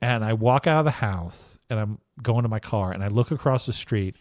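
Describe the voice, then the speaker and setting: A man co-hosting a casual podcast, telling a story with lively asides and frequent "okay?" check-ins. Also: fairly low pitch, normal speed, no echo, studio quality. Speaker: podcast co-host.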